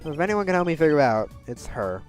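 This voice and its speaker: A woman's voice: deep voice, very animated, fairly quick, a little mellow, faint music behind. A woman voicing a flustered young male defense attorney. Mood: thoughtful.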